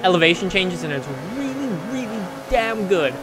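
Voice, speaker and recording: A man commenting on his racing game play in a chatty, self-mocking way, with sudden excited outbursts. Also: high-pitched, normal speed, heavy background noise. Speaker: gaming channel host.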